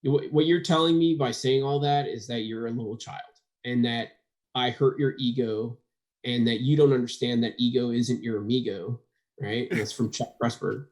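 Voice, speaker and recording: Animated man acting out quoted dialogue. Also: mid-range voice, normal speed. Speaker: guest, firearms trainer. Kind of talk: casual podcast chat.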